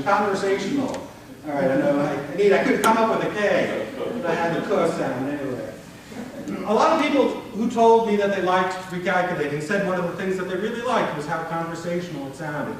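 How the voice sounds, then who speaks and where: Leading a conference workshop on public speaking, a man addresses an audience in a conference room as part of a breakout session. He is conversational and animated, showing different tones with his own voice. His voice is high-pitched, and the distant mic captures a very echoey room with a bit of hiss or hum.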